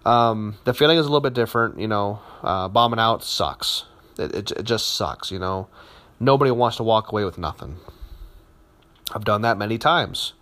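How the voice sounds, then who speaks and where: Candid lower-voiced man in his thirties. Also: normal speed. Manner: relaxed and candid, with frequent fillers and repeated words. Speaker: competitive powerlifter. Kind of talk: casual spoken account.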